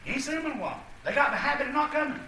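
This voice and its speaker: Male pastor, 40s, high lively voice, folksy sermon delivery, echoey church, distant mic. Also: rapid-fire, a little hiss or hum. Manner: folksy, emphatic preaching with asides to the congregation. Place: church sanctuary.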